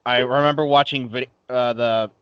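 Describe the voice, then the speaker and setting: A man's voice: medium pitch, steady tone, normal speed, clean tone, no echo. A young man hosting an interview, asking questions in a casual, chatty way. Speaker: interviewer, host. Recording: dull, lo-fi, dry recording.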